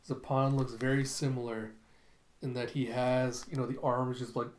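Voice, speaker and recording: A man retells a comic chapter by chapter in an animated, casual way. His voice sits at an ordinary pitch for a man. The recording has a roomy echo. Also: moderate pace, slight background noise. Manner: animated retelling, lots of "and she's like". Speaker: comic reviewer.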